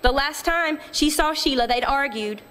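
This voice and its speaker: A woman narrating literary fiction in a measured, quiet storytelling manner. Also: high voice. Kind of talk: audiobook reading of literary fiction.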